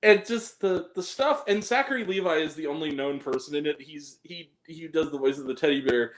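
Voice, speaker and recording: A man's voice: on the high side, brisk. A man reviewing a film on a podcast in casual chat, swearing freely and often breaking into laughter. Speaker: podcast guest. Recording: roomy echo.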